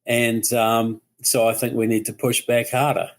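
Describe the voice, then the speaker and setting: A man's voice: medium pitch, level tone, measured pace, a little hiss or hum. New man telling a story. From New Zealand. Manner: storytelling, repeats words as he builds a point. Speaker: guest commentator. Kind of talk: casual podcast conversation.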